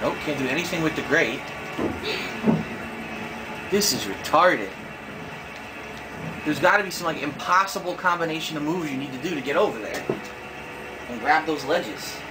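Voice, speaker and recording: A young man talks through a video game he is stuck on, thinking aloud and cursing in frustration. His voice sits a little high. Game music plays clearly behind him. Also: lively intonation, moderate pace, pauses often, low-quality recording. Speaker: gamer. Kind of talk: frustrated gameplay commentary.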